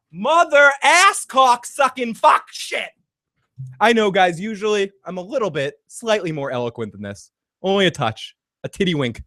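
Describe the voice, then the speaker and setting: Excitable male streamer, high and lively voice, swears freely, close and dry. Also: no echo. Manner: excitable, profane, bursts into shouting. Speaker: host of a live reaction stream. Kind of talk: live trailer reaction and chat.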